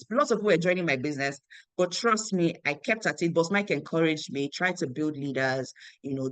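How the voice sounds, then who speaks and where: A network marketing team leader, this young woman has a fairly low-pitched voice recorded without echo. Animated throughout, she tells a motivational business story, circling back to repeated phrases and playing out the dialogue.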